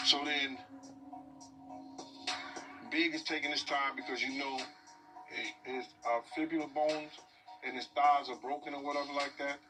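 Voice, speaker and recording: A man recounting events in a played interview clip, talking conversationally and checking in with his listener. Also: medium pitch. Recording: distant mic with music underneath.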